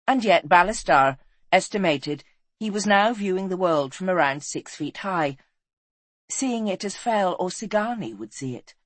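An audiobook narrator reading a fantasy story in a steady, measured storytelling voice. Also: medium pitch, no room sound. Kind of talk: scripted narration.

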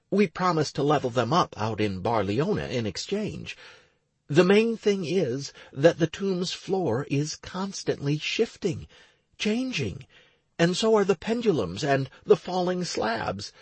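A man's voice: fairly high pitch, breathy edge, dry recording, voice pushed up, exaggerated voice. A man voicing a frustrated young woman raid leader.

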